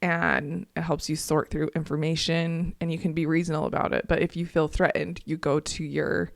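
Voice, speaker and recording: A woman co-hosting a casual podcast chat, telling stories and explaining ideas in a calm teaching tone. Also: deep voice, normal speed, creaky, dry recording, studio quality. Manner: storytelling, animated with laughs. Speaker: podcast co-host.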